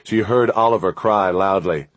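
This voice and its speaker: A man narrating an adventure audiobook in a steady, measured storytelling manner. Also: low-pitched, dry recording.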